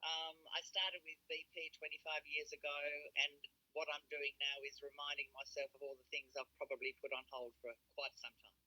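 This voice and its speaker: Middle-aged woman calling in, sharp-toned. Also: deep voice, little pitch movement, a little fast, hardly any pauses, dry recording, poor audio. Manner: earnest, a little hesitant, with filler words. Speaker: caller sharing progress. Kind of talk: casual call-in chat.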